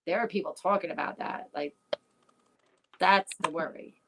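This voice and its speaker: A woman's voice: on the low side, moderate pace. A woman chatting casually, telling a story with lots of profanity and quoted back-and-forth. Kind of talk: casual chat. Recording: noisy recording with clicks.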